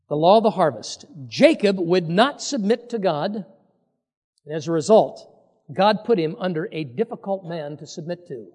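This sermon comes from a man with a high, highly animated voice that rises and falls as he takes on the voices of the figures in the scripture he reads and explains. He addresses his congregation plainly, as a pastor would, and his words echo through a long hall.

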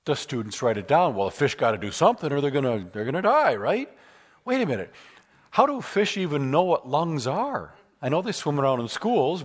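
A man giving a lecture with slides at a seminar, animated and telling humorous stories. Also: mid-range voice. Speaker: speaker at a seminar.

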